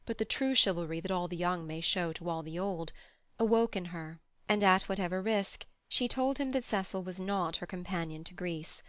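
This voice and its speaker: A woman narrating an audiobook of a classic novel in a measured, even reading style. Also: lowish voice, dry recording, clean studio sound. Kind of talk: scripted narration.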